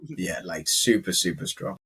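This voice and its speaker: Young guy chatting through an english lesson, lowish voice, says like constantly. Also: moderate pace, sharp tone, slightly rough. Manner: chatty, fills speech with "like". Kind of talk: casual conversational teaching.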